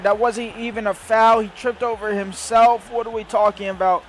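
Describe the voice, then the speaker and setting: A man who runs a gaming channel talks casually over his own gameplay, rambling and lurching from low muttering to loud outbursts. His tone stays steady and his pace is normal, with hardly any pauses. There's a slight hiss or hum in the recording.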